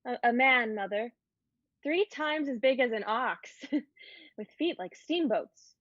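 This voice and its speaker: A woman's voice: a little high, expressive, slow, fairly bright tone, dry recording, full character voice. A woman voicing a curious, playful fourteen-year-old girl in an amateur online play reading, teasing and pleading by turns. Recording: dull lo-fi sound.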